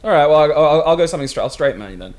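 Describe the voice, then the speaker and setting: A man's voice: fairly high pitch, animated, very fast. A man playing a video game and chatting casually, muttering dry remarks and swearing at the game. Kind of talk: casual let's-play chat. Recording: background noise.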